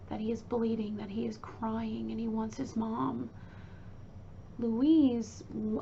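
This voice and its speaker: On a dull lo-fi recording with faint ambience and slight background noise, a woman with a warm, somewhat high voice casually retells a true crime case in blunt, informal language.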